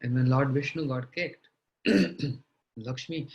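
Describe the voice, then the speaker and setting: Man telling a sermon story, throat clearing. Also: mid-range voice, slow, long pauses, a little mellow. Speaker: religious teacher. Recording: dull lo-fi audio.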